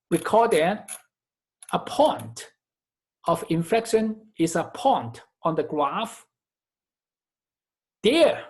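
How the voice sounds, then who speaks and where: A man teaching a recorded math lecture, working through each step methodically and often repeating or correcting his phrases. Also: high-pitched. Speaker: math instructor.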